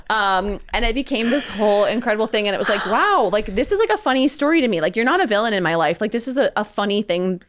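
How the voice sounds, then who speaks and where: A woman's voice: medium pitch, expressive, fast talker, hardly any pauses. A woman guest author telling a dating story in casual podcast chat, chatty and often laughing, with many fillers.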